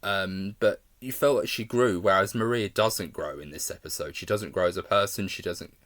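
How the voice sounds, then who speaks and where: A man talks through a TV episode on camera in an unscripted, meandering way. His voice sits a little low, and he circles back on his words, trailing off and restarting mid-thought. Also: normal speed, a bit bright. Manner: rambling, frequent restarts and hedging fillers. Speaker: video reviewer. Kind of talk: casual spoken review.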